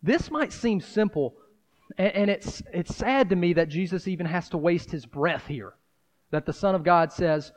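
A man's voice: sits high, moderate pace. A man preaching a sermon in a conversational style, breaking into dramatic acted asides. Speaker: pastor.

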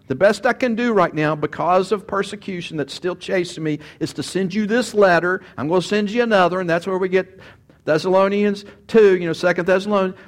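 A man preaching a sermon and teaching from scripture, swinging from loud emphatic bursts to quiet asides and acting out quoted speech. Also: high voice. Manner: animated, rises loud for emphasis, then drops quiet; acts out quoted speech, repeats words. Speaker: pastor.

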